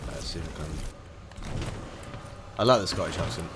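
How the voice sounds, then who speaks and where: A man's voice: low voice, normal speed, over music. A man from Manchester with a Manchester accent, chatting casually and full of fillers while livestreaming a game. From Manchester, England. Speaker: streamer.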